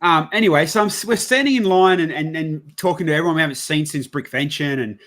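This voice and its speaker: A man's voice: a little high, fast. Rambling Australian man telling stories. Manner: rambling, animated, swears casually, acts out dialogue. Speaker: podcast host. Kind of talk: casual storytelling chat.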